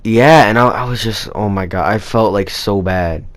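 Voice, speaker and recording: A man's voice: fairly low pitch, normal speed. A young man telling a personal story in a casual, rambling way, with lots of fillers. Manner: rambling, animated retelling with many fillers. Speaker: vlogger.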